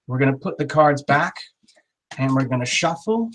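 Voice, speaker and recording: A man's voice: mid-range voice, animated, moderate pace. A man hosting a live tarot reading stream, talking in a chatty, encouraging way. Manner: warm, encouraging, chatty, with playful exaggerated voices. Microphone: small built-in camera mic. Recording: small camera on a poor live-stream connection.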